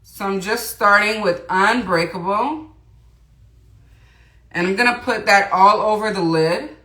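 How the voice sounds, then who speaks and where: A woman hosts a relaxed makeup tutorial livestream, greeting viewers by name and reading their comments aloud. Her mid-range voice is a bit slow with a sharp edge, and the room gives a noticeable echo.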